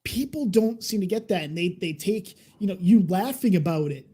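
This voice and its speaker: A man's voice: high voice, animated, normal speed, warm tone, slightly rough. A man in his thirties co-hosting a casual online chat show, ranting in a sweary, sarcastic way. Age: 30s. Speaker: podcast co-host.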